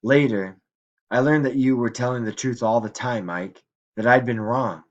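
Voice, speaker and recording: A man's voice: medium pitch, moderate pace, highs cut off, natural voice. A man voicing a frail old grandmother in a nursing home, drifting and regretful, as he reads a story aloud. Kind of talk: audiobook reading.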